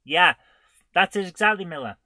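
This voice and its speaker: A man's voice: high voice, animated, normal speed, pushed and bright, no room sound. Rambling man hosting a stream. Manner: rambling and self-deprecating, with chuckles. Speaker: host of a live retro gaming show. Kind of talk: casual livestream chat.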